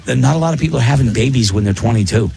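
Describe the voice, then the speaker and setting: A man's voice: mid-range voice, animated, very fast, vocal fry, mellow, slightly rough, soft background music. A man hosting a casual morning radio show, rambling along in an easygoing way with plenty of fillers.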